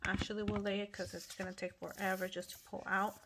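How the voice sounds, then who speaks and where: A woman's voice: medium pitch, flat delivery, fast talker, creaky, background noise. A middle-aged woman hosting a casual craft tutorial at home, chatty and apologetic, often restarting her sentences. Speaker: craft channel host.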